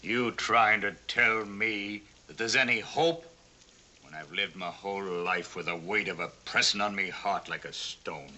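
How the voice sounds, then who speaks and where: Brief: actor as a low-voiced, heavy-hearted middle-aged father in a classic western, slow and doubtful, hissy audio. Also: close to an everyday voice. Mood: despairing. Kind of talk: 1960s TV western acting. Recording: noisy old TV soundtrack with rain.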